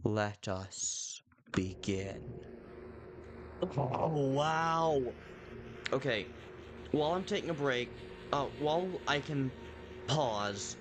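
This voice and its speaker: A man streaming a video game, giving excitable commentary and reacting between lines. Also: fairly high pitch, slow, long pauses, noisy background. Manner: excitable, reading game dialogue aloud. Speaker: gaming streamer. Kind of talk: let's play commentary.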